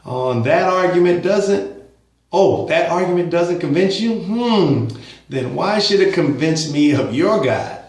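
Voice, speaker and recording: A man's voice: a little high, lively intonation, a little slow, darkish tone, echoey room, pitched above the performer's own voice. A man reading out an online commenter's words in a mocking, sing-song voice. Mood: taunting.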